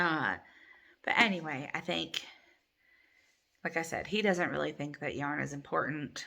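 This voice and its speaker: Speaking at a measured pace, this woman has a low, gravelly voice with a slight brightness. She's middle-aged and hosts a crochet channel, talking loosely to camera from her living room at home and filling the gaps with plenty of ums.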